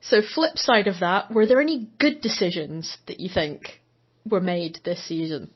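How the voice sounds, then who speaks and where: A woman's voice: lowish voice, moderate pace, husky. A woman interviewing an actor, asking questions casually with a friendly, slightly hesitant manner. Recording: dull lo-fi sound.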